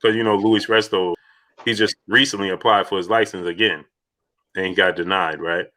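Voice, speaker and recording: A man hosting a casual live-stream chat, asking rhetorical questions and shouting out viewers by name. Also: sits low, fairly even intonation, moderate pace. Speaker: host.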